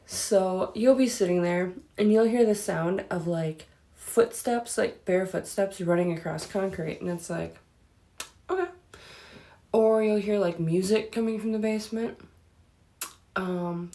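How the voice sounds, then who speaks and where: A woman's voice: lowish voice, gravelly, dark tone. A woman hosting a spooky channel, chatting casually in a rambling way full of fillers, with an easy laugh. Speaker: host of a spooky story channel.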